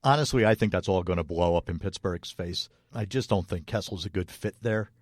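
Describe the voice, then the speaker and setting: A man's voice: low voice, brisk, no room sound, studio quality. A man co-hosting a casual hockey podcast, easygoing, laughing often and talking with many fillers. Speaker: podcast co-host. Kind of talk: casual sports chat.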